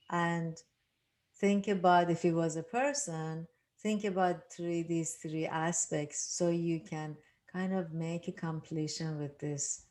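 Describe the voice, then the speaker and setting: A woman leading a grief recovery workshop, gently guiding participants and repeating phrases as she talks. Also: low-pitched. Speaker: workshop leader.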